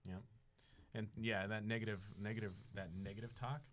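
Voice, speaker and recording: Fast-talking man hosting a podcast. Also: on the low side, fairly even intonation, a little hiss or hum. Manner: agreeable, affirming, restates the guest's points. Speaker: podcast host. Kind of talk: casual chat.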